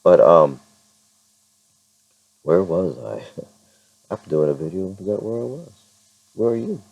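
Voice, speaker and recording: A man with a very low voice chats loosely to his camera, circling back and restarting his sentences. The sound is dry and a little dull, like a built-in camera mic. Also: gravelly, no echo. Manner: rambling, self-interrupting, chuckles often. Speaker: vlogger. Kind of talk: casual vlog talk to camera.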